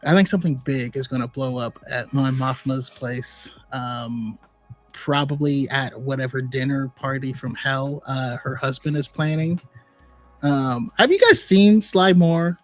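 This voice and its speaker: A man hosting a casual online podcast discussion, talking in a relaxed, chatty, easygoing way. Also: medium pitch, unhurried, faint music behind. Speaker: podcast host.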